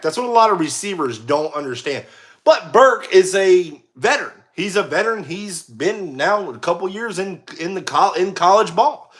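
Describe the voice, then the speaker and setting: A young American man giving casual play-by-play commentary, excitable, shouting on big plays and laughing at his own slips. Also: fairly high pitch. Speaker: amateur sports commentator.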